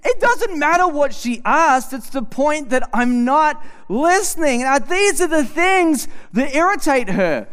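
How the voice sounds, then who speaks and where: A man's voice: very high voice, sing-song, measured pace, few pauses, a bit bright. A man preaching a humorous sermon in a church, telling stories animatedly and acting out both sides of conversations. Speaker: pastor.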